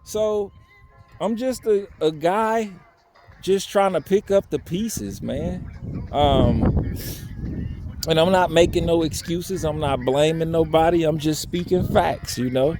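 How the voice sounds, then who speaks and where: Young man, higher-pitched voice, earnest and emotional, speaking outdoors into a phone with faint music underneath. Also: slow, dark tone. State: voice unsteady from crying. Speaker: vlogger. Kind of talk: candid personal vlog. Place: outdoors by a railroad bridge.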